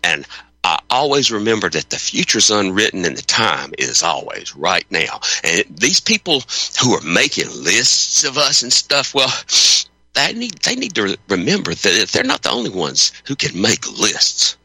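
A man hosts a talk radio show and speaks with fervent defiance, his voice leaping from low, heavy statements to sharp emphatic peaks. His tone is very bright and cutting, and the studio mic sounds close and dry. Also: sing-song, normal speed, slightly rough, no room sound, low-quality recording. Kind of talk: impassioned radio monologue.

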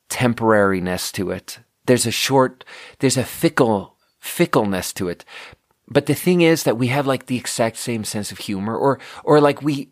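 A man's voice: on the low side, no echo, clean studio sound. A young man hosting a podcast, telling a story in a casual, profane way and laughing often. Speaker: podcast host.

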